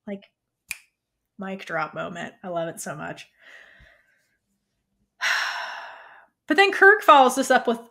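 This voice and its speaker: A woman's voice: medium pitch, gravelly. Chatty woman recapping a show. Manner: animated storytelling, quick asides, casual swearing. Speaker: podcast co-host. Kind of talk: casual TV episode recap chat.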